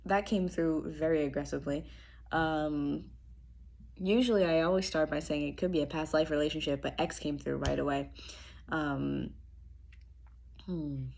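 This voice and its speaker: A young woman giving a casual tarot reading to camera. Her throat is strained and she talks in a chatty, relaxed way, clearing her throat often. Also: deep voice, moderate pace, long pauses. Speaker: tarot reader. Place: apartment room indoors.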